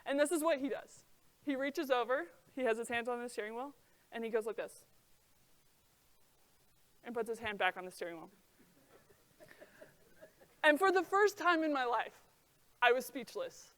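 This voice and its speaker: A young woman with a slightly high voice gives an earnest talk to young listeners. She speaks chattily, with plenty of "like" fillers, and she brings energy to her stories. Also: moderate pace, long pauses. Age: young adult. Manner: earnest, chatty, many "like" fillers, lively storytelling. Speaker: presenter. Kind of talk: motivational talk to a young audience.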